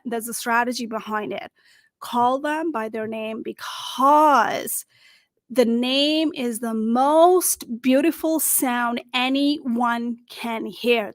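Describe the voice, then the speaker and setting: A middle-aged woman coach talks to camera in a high, bright voice, with punchy emphasis and little acted-out phone calls. The sound is dry and close, with no room around her. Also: no room sound. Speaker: career coach. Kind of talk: direct-to-camera advice talk.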